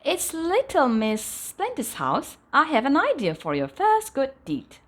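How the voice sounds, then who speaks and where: A woman's voice: sits high, huge pitch swings, measured pace, fairly bright tone, pitched above the performer's own voice, heavily acted. A woman doing a small, eager, long-armed cartoon man. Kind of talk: children's storybook read-aloud.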